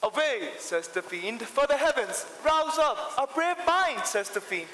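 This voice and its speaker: A man's voice: extremely high pitch, expressive, sharp tone, a little hiss or hum, heavily acted. A young man playing a jittery comic servant. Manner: mock-debating aloud, drawn-out comic delivery. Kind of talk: stage play acting. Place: large school hall, stage. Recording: echoey large hall with long reverb.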